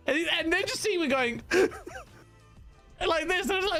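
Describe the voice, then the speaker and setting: A man with a London accent chatting as a podcast co-host, telling stories in an animated, slangy way and laughing often. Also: extremely high pitch, moderate pace, long pauses, soft background music. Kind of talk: casual chat.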